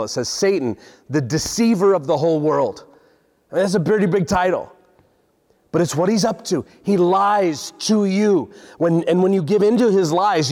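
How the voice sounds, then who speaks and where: A man's voice: a little high, a little mellow. Forties guy preaching a sermon, earnest, repeats himself, long reverb off the hall. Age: 40s. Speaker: pastor. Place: large hall with congregation.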